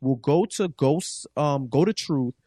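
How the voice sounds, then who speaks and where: A man co-hosting a casual TV recap show, telling the plot in an animated way and acting out the characters' lines. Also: on the high side, measured pace, dry recording, studio quality. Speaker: podcast co-host.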